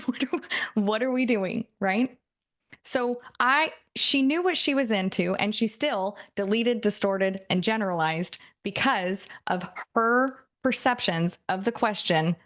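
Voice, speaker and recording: A woman's voice: mid-range voice, unhurried, fairly bright tone. A woman coach teaching a casual lesson, chatty, laughing often and acting out little quoted exchanges. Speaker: NLP coach.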